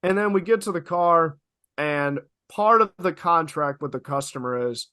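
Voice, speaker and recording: A young man co-hosting a podcast, telling stories in an animated, emphatic way, swearing freely and repeating lines for effect. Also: fairly high pitch, moderate pace, no echo, studio quality. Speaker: podcast co-host. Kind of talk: casual podcast storytelling.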